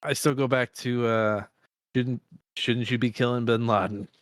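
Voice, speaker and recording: A man's voice: medium pitch, fairly even intonation, moderate pace, no echo, clean studio sound. A man co-hosting a podcast, chatting casually, swearing freely and laughing as he retells movie scenes. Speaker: podcast co-host. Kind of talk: casual chat.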